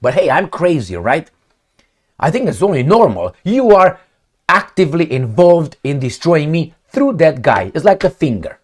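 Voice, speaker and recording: A man's voice: on the high side, sing-song, normal speed, husky. A man hosting his own opinionated commentary vlog, talking bluntly and profanely, repeating words for stress and making gunfire and kicking noises with his mouth. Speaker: channel host.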